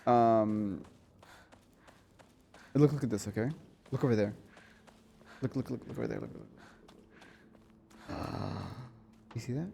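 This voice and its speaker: A man streaming a horror game, chatting excitedly with viewers, swearing and laughing as he plays. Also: on the low side, measured pace, gravelly, long pauses, slight background noise. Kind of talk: casual gameplay commentary.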